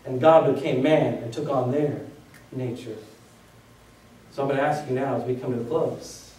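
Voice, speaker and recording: A man's voice: medium pitch, warm tone. A man preaching a sermon as pastor, firing off rhetorical questions at his congregation. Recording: very echoey room, voice from a distance.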